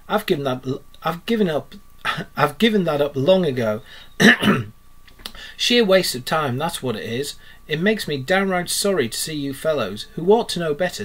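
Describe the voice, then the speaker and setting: A man voicing a boastful, excitable male toad gentleman in a grand, pompous manner, read aloud from a storybook. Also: a little high. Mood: scornful.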